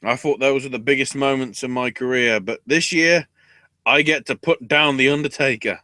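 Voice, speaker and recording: A man co-hosting a casual wrestling recap podcast, excitable and profane, often laughing. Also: mid-range voice, moderate pace, no echo. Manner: excitable, profane, breaks into laughter and mock voices. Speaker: podcast co-host.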